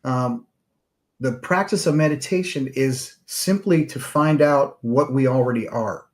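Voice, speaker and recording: Middle-aged guy musing on meditation, calm, lots of ums and restarts, mid-pitched voice. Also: measured pace. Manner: calm, searching, with many fillers and restarts. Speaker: podcast host and therapist. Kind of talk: reflective solo talk on meditation.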